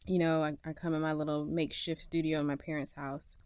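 A woman's voice: low-pitched, fast, clean tone, dry recording. Frustrated young woman venting on her podcast. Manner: emotional, animated, laughing through frustration. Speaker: podcast host. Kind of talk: casual venting monologue. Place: makeshift home studio in parents' house.

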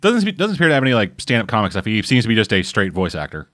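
A man talks fast, his pitch bouncing up and down as he moves the chat along. He keeps a wry, joking tone while co-hosting a casual anime podcast. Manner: quick, lively, wry banter. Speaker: podcast co-host.

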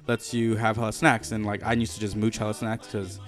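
A man's voice: lowish voice, flat delivery, a little fast, faint music behind. A young man telling a rambling, profane story in casual podcast chat, full of fillers and restarts. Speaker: podcast co-host.

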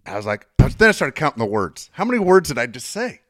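A man co-hosting a radio show, telling a story about his wife and reading live ads with animated, profane delivery. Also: on the high side, fast talker, hardly any pauses, noisy background. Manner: animated storyteller, swears freely. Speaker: radio co-host. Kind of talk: casual comedic banter with live ad reads.

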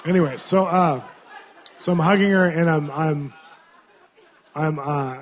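A man, a Christian minister, telling stories in a sermon in an animated, conversational way. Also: a little high, unhurried, some chatter behind, a little hiss or hum. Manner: animated, conversational storytelling with frequent laughs. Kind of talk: storytelling sermon.

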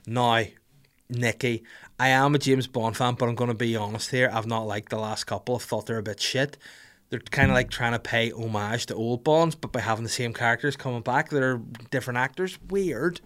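A man's voice: medium pitch, animated, a little slow, fairly bright tone. A middle-aged man chatting casually and playfully, laughing often and swearing as he answers viewer comments. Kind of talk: casual live chat.

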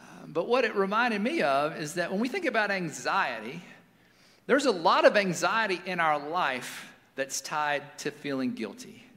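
A man in his forties, a pastor giving a sermon in a relaxed, storytelling way with casual fillers. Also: high voice. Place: church sanctuary. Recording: long reverb of a large hall.

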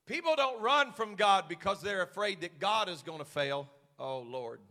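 A man pastor preaching a sermon, swinging from hushed asides to shouted, fiery passages. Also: high voice, lively intonation, normal speed, big-room sound.

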